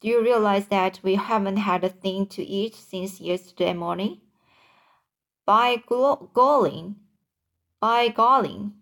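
A slow, mournful storybook earthworm, blind and certain that everything ends in disaster, as a woman reads him aloud. His complaints drag along at an unhurried pace. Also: mid-range voice, a bit bright. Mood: gloomy. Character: gloomy blind male earthworm, doom-saying.

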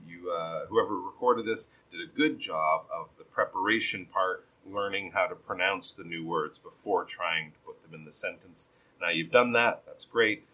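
Male speaking coach, low and slightly husky, patient feedback on a student's reading. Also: bright, forceful tone, low-quality recording. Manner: patient, explains then models sentences slowly with exaggerated stress. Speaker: pronunciation teacher.

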